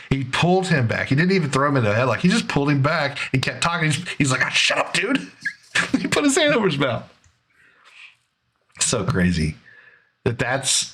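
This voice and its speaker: A man at a middle pitch hosts his own commentary show and walks through footage step by step. His delivery is sarcastic and conversational, with fillers and restarts along the way. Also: fairly bright tone. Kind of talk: casual video commentary.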